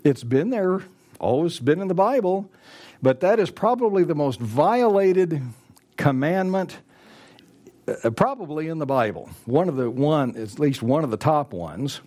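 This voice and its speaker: A male pastor delivers a sermon with a fairly high voice. His pitch moves a lot, rising and falling as he stresses his points. He leans on repetition and acts out the words people might say to one another. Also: big pitch swings, unhurried, darkish tone. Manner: preaching with emphatic repetition, acting out quoted dialogue.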